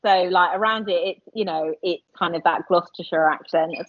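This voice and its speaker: A woman in her forties chatting casually as a podcast guest, animated and quick to laugh. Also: on the low side, dry recording. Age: 40s. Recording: dull lo-fi sound.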